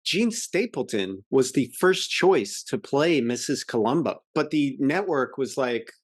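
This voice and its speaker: A man co-hosts a casual podcast, retelling episodes with eager, animated enthusiasm. His mid-pitched voice comes through a close mic in a dry, dead-sounding room. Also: unhurried, no room sound. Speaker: podcast co-host. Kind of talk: casual classic-TV chat.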